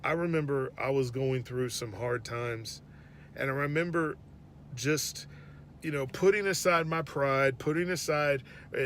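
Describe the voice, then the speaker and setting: A man telling an earnest, reflective faith story about his daughter, often dropping to a hush. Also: on the high side, a little hiss or hum. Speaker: father sharing a faith reflection. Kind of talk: personal devotional storytelling.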